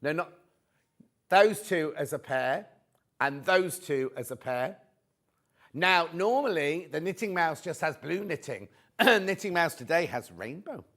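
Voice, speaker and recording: A man presenting a live TV shopping show, chatty and excitable, reading out prices and viewer messages. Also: fairly high pitch, unhurried. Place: TV studio.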